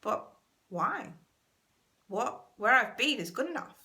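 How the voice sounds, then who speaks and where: A woman's voice: on the high side, sing-song, takes it slowly, sharp tone. A British woman hosting a self-help channel, giving an earnest motivational talk to camera and stressing key words by repeating them.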